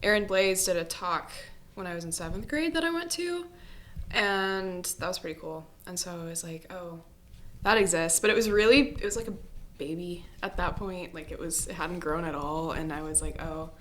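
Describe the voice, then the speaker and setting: A young woman talks as a podcast guest. Her tone is bright and forward, and she rambles easily, filling her talk with "like" as she goes. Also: fairly low pitch, normal speed. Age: young adult. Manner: chatty, rambling, says "like" often. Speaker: podcast guest, animation student. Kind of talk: casual interview chat.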